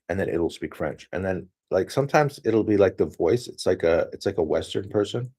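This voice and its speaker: A man with a low, dark voice talks his way through a casual screen-share walkthrough. He rambles and thinks aloud, full of fillers and restarts. His tone is mellow and a little husky. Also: lively intonation, a little fast. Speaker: solo streamer.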